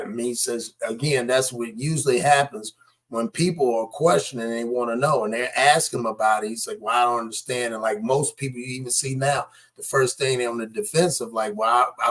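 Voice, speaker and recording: Man, reaction commentary, skeptical, chatty, mid-range voice. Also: medium pitch. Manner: skeptical, animated, talks straight to viewers.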